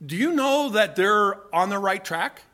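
Bright high-voiced male preacher. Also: lively intonation, a little slow. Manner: emphatic preaching with rhetorical questions. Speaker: pastor. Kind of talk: sermon.

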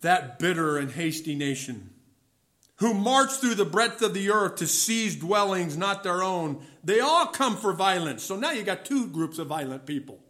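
Emphatic high-voiced male preacher. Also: sing-song, moderate pace, pushed and bright. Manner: emphatic, questioning, drops low on key words; reads scripture aloud with rising voice. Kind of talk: sermon.

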